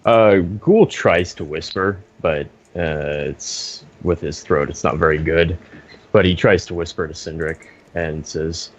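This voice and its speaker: A man's voice: deep voice, measured pace, dull audio, slight background noise. A man playing a tabletop game, hesitant and full of fillers. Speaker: player.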